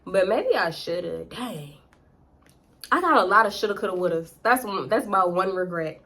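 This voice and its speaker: A woman's voice: medium pitch, lively intonation, normal speed, pushed and bright. A young woman, telling a storytime close to the camera in a profane, slangy, dramatic way. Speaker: vlogger. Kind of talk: casual storytime.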